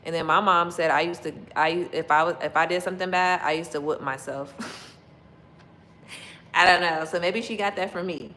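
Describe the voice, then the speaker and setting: Woman, casual live chat host, slightly low voice, lots of laughter and acted-out quotes, talking from her kitchen. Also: moderate pace, slight background noise, low-quality recording. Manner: chatty and animated, laughing often and acting out quotes. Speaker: livestream host chatting with viewers.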